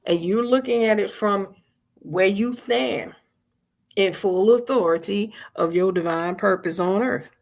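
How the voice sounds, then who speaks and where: A woman with a gravelly, fry-edged voice leads a spiritual vigil in a loose, conversational way. She circles back to the same phrases and keeps urging her listeners to join in. Her speech stays colloquial and earnest. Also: mid-range voice, measured pace, a little mellow. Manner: conversational and coaxing, repeats phrases, calls on listeners. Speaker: spiritual host leading a weekly vigil. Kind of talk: informal spiritual teaching on a live stream.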